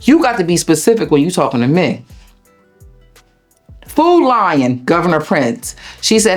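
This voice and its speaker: A woman with a Delaware accent, an interview guest telling a personal story in a blunt, profane, animated way. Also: fairly low pitch, measured pace, pauses often, soft background music. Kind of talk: emotional storytelling.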